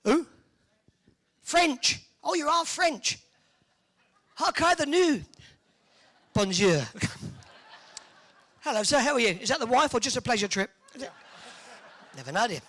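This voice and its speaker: High-pitched host cracking jokes at the crowd, bright sharp voice, arena warm-up. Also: sing-song, measured pace, pauses often. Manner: joking, teasing the audience. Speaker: tournament MC. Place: indoor bowls arena with a live audience.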